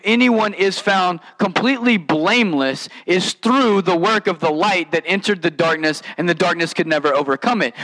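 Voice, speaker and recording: A man preaching a sermon in a conversational, animated way, with casual asides. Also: high-pitched, low-quality recording. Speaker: pastor.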